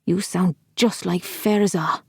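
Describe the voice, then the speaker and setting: A woman's voice: fairly low pitch, fairly even intonation, measured pace, creaky, a little mellow, slightly rough, dry recording, studio quality, full character voice. Woman putting on a crude old male falcon. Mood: mocking. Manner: crass, blunt, mocking.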